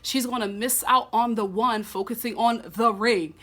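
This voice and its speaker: A woman recapping a reality TV episode in a sassy, animated way, talking straight to her viewers. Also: a little high, moderate pace. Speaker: TV recap vlogger.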